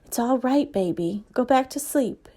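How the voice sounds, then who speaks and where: Woman voicing young girl, coaxing, careful, high voice. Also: expressive, measured pace, mellow. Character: young girl, older sister. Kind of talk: storybook reading.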